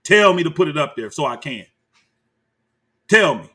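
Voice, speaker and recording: A fairly high-pitched, slightly rough male voice at a moderate pace belongs to a commentator reacting to clips. His tone is animated and combative as he calls out people by name and speaks to viewers directly, calling them y'all.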